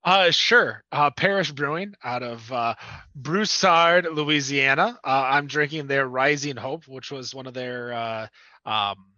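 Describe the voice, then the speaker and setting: Bright-voiced podcast guest, muffled sound. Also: male voice, mid-range voice, unhurried, no echo. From Michigan. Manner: dry, wry humor. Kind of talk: casual podcast chat.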